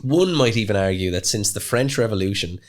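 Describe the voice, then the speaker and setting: A man's voice: on the low side, animated, brisk. A man with an Irish accent co-hosting a podcast in casual, jokey banter, laughing often and drifting into asides. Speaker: podcast co-host.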